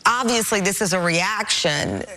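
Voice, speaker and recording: Woman hosting a live daytime talk show, upbeat and chatty, sincere with her guests, mid pitch, faint room hum. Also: a little slow. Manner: energetic, conversational, sincere. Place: TV studio.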